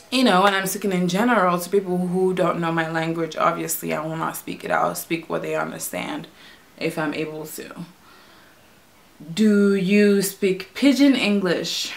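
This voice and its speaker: Chatty Nigerian woman with a low voice. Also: creaky. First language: Igbo. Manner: chatty, giggly, repeats herself. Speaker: vlogger. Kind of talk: casual tag video chat. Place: at home.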